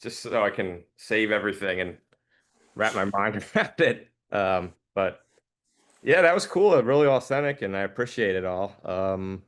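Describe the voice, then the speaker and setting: A man's voice: fairly low pitch, normal speed, a bit bright. A man hosting a podcast, laid-back and hesitant, chuckling as he closes out the interview. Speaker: podcast host. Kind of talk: casual interview wrap-up.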